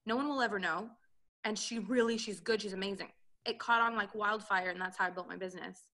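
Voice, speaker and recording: A woman's voice: mid-range voice, fairly quick, bright, forceful tone. A woman coaching entrepreneurs, telling her personal story in an interview and acting out the dialogue she quotes. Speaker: relationship and business coach, guest.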